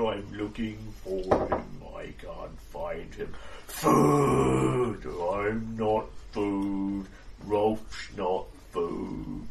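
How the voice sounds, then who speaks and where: Man voicing a thick-witted muttering brute, low and plodding, noisy distant room recording. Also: gravelly, heavily acted. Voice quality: slurred, slow, dim.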